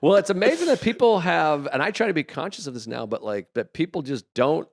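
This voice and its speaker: A man's voice: on the high side, sing-song, fairly quick, gravelly, no room sound, studio quality. A man from Boston, a comedian guest talking bluntly and profanely with self-deprecating humor in casual podcast chat.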